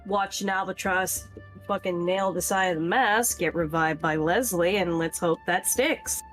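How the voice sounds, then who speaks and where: Casual woman game master, quick recap. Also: lowish voice, soft background music. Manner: casual, quick, trails off with fillers. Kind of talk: recapping a tabletop game over voice chat.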